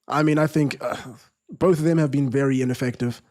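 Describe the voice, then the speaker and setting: A man's voice: medium pitch, fairly even intonation, a little fast, darkish tone. A man hosting a live football watchalong stream, chatting casually, restarting sentences and reading viewer comments aloud.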